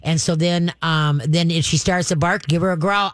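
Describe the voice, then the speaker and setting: A radio host and dog trainer giving plain, animated advice to a caller on a call-in show, squeamish at gory talk. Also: mid-range voice, normal speed, dry recording, clean studio sound.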